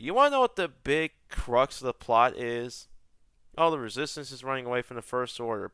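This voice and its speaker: A man's voice: medium pitch, pushed and bright, smooth, dry recording, clean studio sound. A young man delivering an exasperated rant to camera, full of rhetorical questions and repeated words. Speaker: YouTuber. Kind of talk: ranting commentary.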